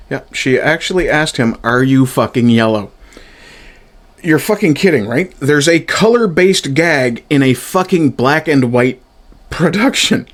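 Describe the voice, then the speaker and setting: A man in his fifties giving a sarcastic, exasperated review, swearing often as he rants. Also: mid-range voice. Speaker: TV show reviewer. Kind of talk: ranting review commentary.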